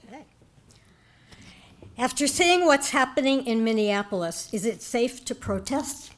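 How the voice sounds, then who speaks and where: Slow-spoken woman reading questions. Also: fairly high pitch, expressive. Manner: measured, reads questions aloud. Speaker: moderator reading audience questions.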